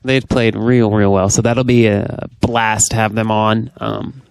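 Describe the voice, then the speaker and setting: A man from Ohio co-hosting a casual podcast, playful and quick to laugh. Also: lowish voice, little pitch movement, creaky, clear, resonant tone, dry recording. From Dayton, Ohio. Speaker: podcast co-host.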